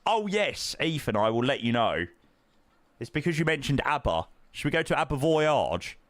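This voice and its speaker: A man's voice: medium pitch, sing-song, moderate pace, a bit bright, no echo. A young man streaming a flight sim, chatting casually with viewers in matey banter full of fillers. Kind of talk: casual live-stream chat, answering viewers.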